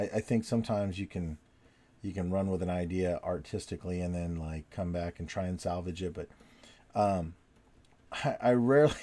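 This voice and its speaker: Deep mellow guy rambling while he draws at his desk, chatty, keeps fixing stuff. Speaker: artist drawing on video. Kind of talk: casual talk while drawing.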